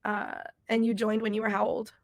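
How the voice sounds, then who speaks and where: A woman's voice: medium pitch, monotone, brisk, vocal fry, dry recording. Dry-sounding woman podcast host. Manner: warm affirmations, laughs often, casual swearing. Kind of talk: interview podcast.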